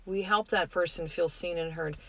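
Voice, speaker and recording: A middle-aged woman hosting a podcast, giving a gentle, earnest, reflective spiritual self-help talk. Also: lowish voice, fairly even intonation, moderate pace. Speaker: podcast host.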